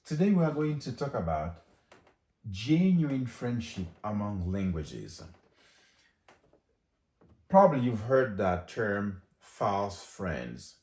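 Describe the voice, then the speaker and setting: A man giving a casual language lesson, chatty, saying phrases again slowly for learners. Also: fairly low pitch, sing-song, darkish tone, roomy sound. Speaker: language teacher.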